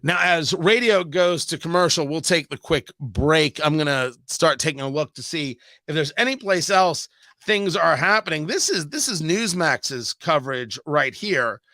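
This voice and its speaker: A male radio host with a high, bright voice that leaps around as he comments live on breaking news. He talks in an animated, joking way, close on a dry studio mic. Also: dry recording. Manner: animated, joking, quick asides. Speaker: radio talk show host.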